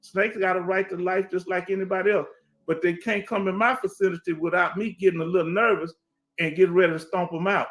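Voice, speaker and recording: A man's voice: high voice, fairly even intonation, fast, fairly bright tone. Streetwise Houston man hosting a stream. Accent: Houston Black American English. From Houston, Texas. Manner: streetwise, emphatic, repeats himself, asks "you understand?". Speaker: veteran livestream host. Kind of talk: casual livestream chat reading comments. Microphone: headset.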